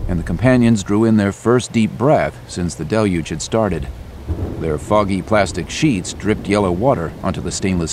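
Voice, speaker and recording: A man reading an adventure audiobook in a steady, measured way. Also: low-pitched, background noise. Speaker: narrator. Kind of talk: audiobook narration.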